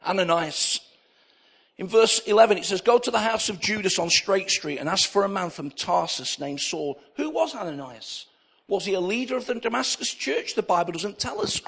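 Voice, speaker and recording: A man's voice: high-pitched, lively intonation, normal speed, gravelly, a bit bright, slightly rough. A middle-aged male pastor preaching a sermon, telling stories with acted-out dialogue and repeating key phrases for emphasis. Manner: storytelling preacher who acts out dialogue in anecdotes.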